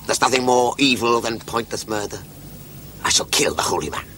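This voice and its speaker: A man's voice: medium pitch, animated, moderate pace, fairly bright tone, slight background noise, close to an everyday voice. An actor playing a cruel male bandit leader in a dubbed TV series who threatens his captives. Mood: menacing. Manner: menacing threats.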